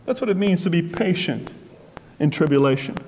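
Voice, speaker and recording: A man preaching a sermon, emphatic, acting out what people say with sharp rises and drops. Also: a little high, expressive, moderate pace. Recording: faint noise, long hall reverb.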